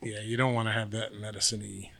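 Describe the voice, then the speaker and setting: A man's voice: lowish voice, level tone, quick pace, vocal fry, a bit bright. A man co-hosting a podcast in rambling, sarcastic casual chat. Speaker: podcast co-host.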